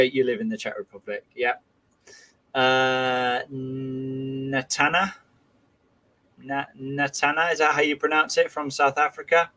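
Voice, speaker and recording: A man's voice: mid-range voice, fairly bright tone, poor audio. A man hosting a casual livestream, reading viewer comments in a chatty, friendly way with many fillers. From England. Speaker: livestream host.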